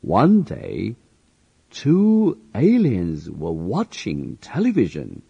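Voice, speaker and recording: Slow gravelly man reading aloud. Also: on the low side, wildly swooping pitch, dark tone, lo-fi sound. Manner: reads each phrase slowly and evenly for repetition. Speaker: reading teacher. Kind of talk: slow read-aloud for learners to repeat.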